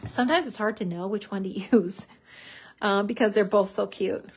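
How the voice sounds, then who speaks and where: A woman's voice: mid-range voice, moderate pace, husky. A woman hosting a crafting tutorial, chatting enthusiastically as she glues and layers papers. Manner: chatty, enthusiastic, lots of "so cute". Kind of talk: casual crafting demonstration.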